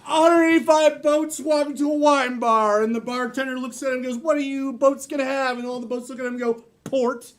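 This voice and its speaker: An improv performer rattling off bar jokes on stage, animated and quick to laugh. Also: high-pitched. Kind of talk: improvised joke-telling. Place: comedy theater stage.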